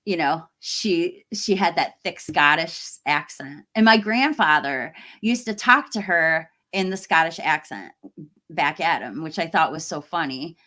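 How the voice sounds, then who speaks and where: A low-leaning voice, pushed and bright, belongs to a middle-aged woman running a horror YouTube live stream. She chats casually while reading comments from viewers, laughing often and trailing off partway through sentences.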